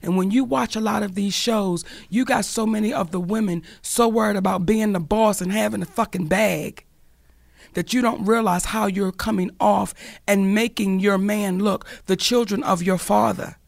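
A woman's voice: mid-range voice, fairly even intonation, moderate pace, gravelly, no room sound, studio quality. A woman hosting a call-in radio talk show, speaking candidly and bluntly, cursing freely as she drives her point home.

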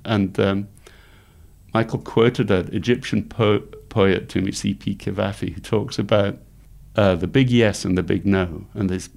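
A middle-aged man, telling lively stories as an interview guest and laughing often. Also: lowish voice, gravelly. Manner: animated anecdotes, laughs often, acts out quoted voices. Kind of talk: storytelling in conversation.

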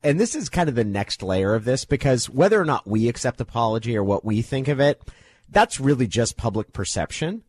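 A male host giving measured analysis in casual sports talk. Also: medium pitch, lively intonation, darkish tone.

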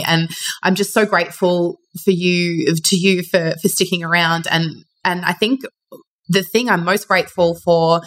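Woman co-host, 30s, low-pitched, heartfelt casual chat with frequent laughter. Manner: warm, heartfelt, laughs often. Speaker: podcast co-host.

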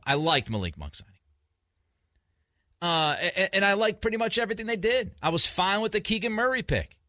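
Emphatic, bright-voiced sports radio man. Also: on the high side, no echo, studio quality. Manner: emphatic, repeats himself in restarts. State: grumpy and short on sleep. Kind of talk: sports talk radio banter.

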